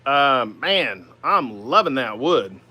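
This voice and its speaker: A forties-aged man with an Oklahoma accent hosts a woodturning livestream from his home shop beside the lathe, chatting easily and answering viewer comments in an easygoing, rambling way full of "man" and "uh." His mid-range voice swings widely in pitch and moves slowly, with a bright, forceful tone and no room sound.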